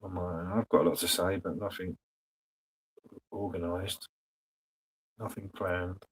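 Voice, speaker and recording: A man's voice: deep voice, level tone, a little slow, slightly rough, poor audio. A man hosting a casual livestream, rambling dryly and talking to the chat. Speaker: host.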